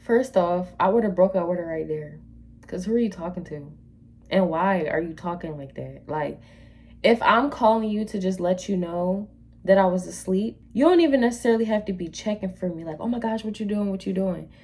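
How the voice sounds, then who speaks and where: A woman's voice: lowish voice, expressive, normal speed, a little mellow. A woman hosting a reaction video, giving blunt, opinionated, slangy commentary on dating stories.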